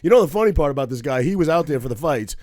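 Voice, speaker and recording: A man's voice: a little high, animated, rapid-fire, a little mellow, dry recording. A man co-hosting a podcast in casual chat, teasing and joking, laughing often. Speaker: podcast co-host. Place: podcast room.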